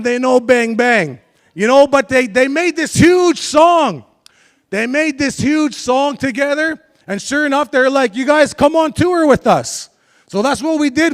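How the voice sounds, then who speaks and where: A young man telling a candid, confessional life story to a live audience, joking with the crowd between heavy admissions. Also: very high-pitched. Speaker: speaker sharing his life story. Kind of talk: live motivational talk to an audience.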